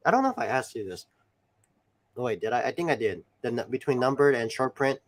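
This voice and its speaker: A man's voice: mid-range voice, expressive, fast talker, a little hiss or hum. A man co-hosting a casual live stream, asking rambling questions full of hesitations. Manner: rambling, hesitant, lots of fillers. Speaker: co-host.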